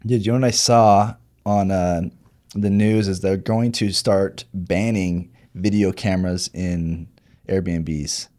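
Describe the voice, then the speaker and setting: Low-voiced man, laughing and playful. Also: steady tone, takes it slowly, dark tone. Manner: laughs often, playful, teasing. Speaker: podcast co-host. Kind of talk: casual chat.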